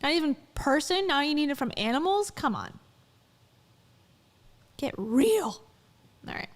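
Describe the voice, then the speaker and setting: A woman's voice: high voice, very animated, measured pace. A young adult woman giving a sarcastic, incredulous commentary vlog, full of "like" and mocking asides. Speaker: commentary vlogger.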